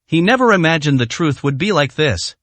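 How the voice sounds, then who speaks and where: A man narrating a dramatic story in a steady, scripted reading. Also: fairly high pitch, a little fast, no echo.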